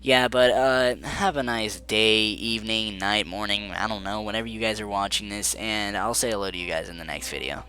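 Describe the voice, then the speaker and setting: A man's voice: lowish voice, fairly even intonation, moderate pace, hardly any pauses, pushed and bright. A man telling a story from his school days in a casual, sarcastic vlog.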